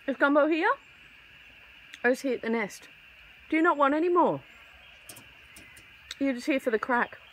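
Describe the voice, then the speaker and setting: Among trees outdoors, a young vlogger feeding wild kookaburras coos pet talk at them in a high, lively voice, slightly bright, at a moderate pace with frequent pauses. She mutters asides to a handheld camera held to her side, and a little hiss or hum is audible.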